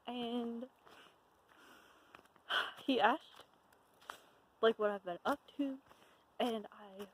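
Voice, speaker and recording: A woman's voice: a little high, drawn-out words, husky, rough recording. A young woman talking to her camera while hiking on a wooded trail, out of breath, nervous and giggly, trailing off now and then. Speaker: vlogger. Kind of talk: casual chat to camera while walking.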